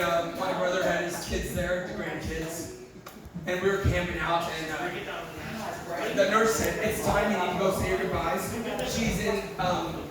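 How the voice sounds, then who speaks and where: Male comedian, high voice, candid profane storytelling, echoey room, distant mic, audience around. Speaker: stand-up comedian. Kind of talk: stand-up storytelling. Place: live comedy venue with audience. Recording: echoey room, far mic, crowd noise.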